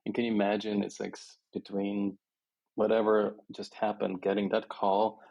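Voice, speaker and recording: A man's voice: fairly low pitch, completely flat delivery, moderate pace, creaky, a little mellow, dry recording, rough recording. A middle-aged man with an Austrian German accent, telling stories as a composer guest in an interview, with many restarts and fillers. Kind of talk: conversational interview.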